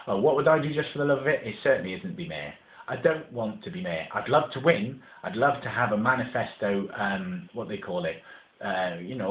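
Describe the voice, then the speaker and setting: A man from England running for mayor, talking casually and earnestly to the camera in a rambling way that sometimes laughs at itself. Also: lowish voice. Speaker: mayoral candidate. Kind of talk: casual campaign video monologue. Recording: echoey room, tinny phone-like sound.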